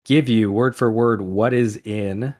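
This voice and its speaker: A man reading the lines of a suspicious night-shift police officer in a plain low voice. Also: fairly even intonation, a little slow, darkish tone. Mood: sly. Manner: scheming, matter-of-fact.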